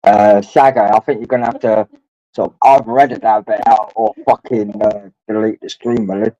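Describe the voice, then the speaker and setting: A man with a lowish, dark voice keeps a level tone at normal speed, with no echo. He drinks while rambling crudely to his stream chat, swearing plenty and calling viewers his lads. It's dull lo-fi stream audio.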